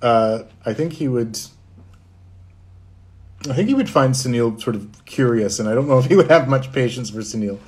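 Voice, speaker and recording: On his fan livestream, an easygoing Canadian voice actor fields viewer questions, chuckling often and reading comments aloud. He speaks at a normal speed in an expressive, medium-pitched voice with a darkish tone. He pauses often.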